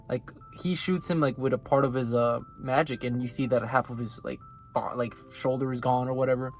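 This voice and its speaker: Easygoing man recapping an anime. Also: medium pitch. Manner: loose, filler-heavy, laughs often. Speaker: anime reviewer. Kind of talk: casual episode recap.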